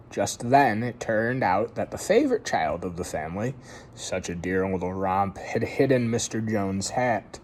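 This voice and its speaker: A man's voice: mid-range voice, darkish tone, slight background noise. A man casually reading a story aloud, breaking off for chatty asides to his listeners. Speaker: story reader.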